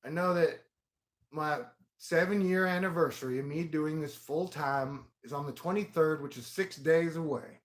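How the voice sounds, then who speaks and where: Male vlogger, high voice, profane rambling monologue with loud outbursts. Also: normal speed. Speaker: video blogger.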